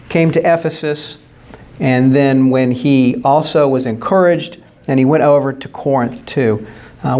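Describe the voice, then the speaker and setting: A man's voice: a little high, a little mellow. A man preaching a sermon as pastor, earnestly explaining scripture and posing rhetorical questions.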